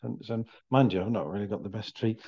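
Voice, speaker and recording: A man's voice: lowish voice, fast talker, dark tone, breathy edge, lo-fi sound. A man co-hosting a comedy podcast, rambling in a crude, sweary way. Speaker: podcast co-host. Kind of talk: casual comedy chat.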